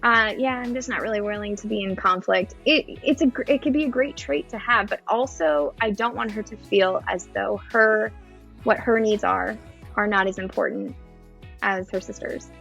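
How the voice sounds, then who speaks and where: With faint music in the background, a mother in her thirties talks as a podcast guest in a casual, thoughtful way, full of fillers and restarts. She speaks at a moderate pace in a mid-range, fairly bright voice with vocal fry.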